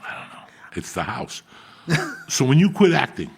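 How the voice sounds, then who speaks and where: A middle-aged man from Cuba, telling profane stories in an animated, casual chat as host. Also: medium pitch, normal speed, creaky, breathy edge. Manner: animated, profane storytelling with Spanish asides. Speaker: podcast host.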